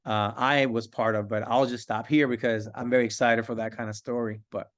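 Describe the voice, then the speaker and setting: Man, mid-pitched, smooth and resonant, eager panel speaker who piles on examples. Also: steady tone, fairly quick. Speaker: curriculum panelist. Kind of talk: panel discussion.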